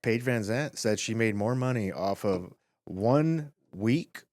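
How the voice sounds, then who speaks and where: A man hosting a relaxed podcast chat. His low voice comes through dry and close, and he needles his guest with teasing asides. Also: no echo. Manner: teasing, quick interjections. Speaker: podcast host. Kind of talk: casual interview chat.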